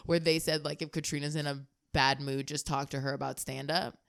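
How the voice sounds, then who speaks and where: A woman stand-up comedian, a guest on a casual comedy podcast, talking in animated bursts and laughing often. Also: low voice, gravelly. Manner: laughing, animated, quick asides.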